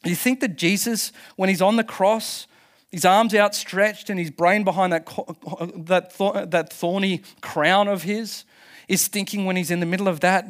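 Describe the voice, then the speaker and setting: Man, pastor, impassioned sermon, slightly high voice, emphatic. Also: steady tone, normal speed, fairly bright tone. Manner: impassioned, emphatic, with laughs and restarts. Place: church service.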